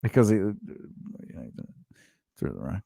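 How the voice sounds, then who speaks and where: A man with a fairly low voice, co-hosting a relaxed podcast conversation. He rambles through stories with lots of restarts and animated swings. The sound is close and dry, with no room around it. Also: normal speed, gravelly, no room sound. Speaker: podcast co-host. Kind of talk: casual chat.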